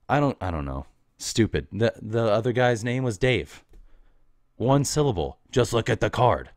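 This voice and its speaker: A man's voice: medium pitch, big pitch swings, normal speed, dry recording, studio quality. A young man hosting a solo podcast, ranting in a casual, exasperated and mocking way about customers at his coffee shop job. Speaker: podcast host.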